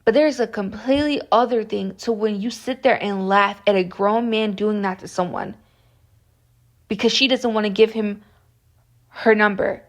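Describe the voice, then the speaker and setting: A young woman talks straight to camera, upset and fired up, circling back with restarts and filler words. Her pitch sits at an ordinary middle height for a woman. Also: normal speed. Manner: impassioned, upset, rambling with many restarts. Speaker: vlogger. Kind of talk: reaction commentary to camera.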